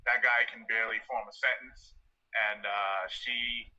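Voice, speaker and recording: A man's voice: mid-range voice, fairly even intonation, measured pace, sharp tone, lo-fi sound. A man appearing as a guest on a livestream, talking bluntly and casually with firm opinions. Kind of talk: casual interview talk.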